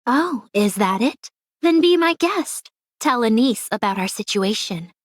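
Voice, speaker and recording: A woman's voice: mid-range voice, moderate pace, breathy edge, dry recording, lightly acted. An actress voicing a scheming, cynical young woman ex-idol who talks in a cool, mocking, calculating way. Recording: dry close studio recording.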